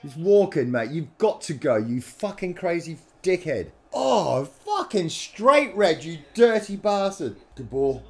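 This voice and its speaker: A man's voice: a little high, very animated, unhurried, hardly any pauses, darkish tone. An Australian man hosting a live football reaction, sweary, heated and blunt. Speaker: host watching football. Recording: echoey room with music behind.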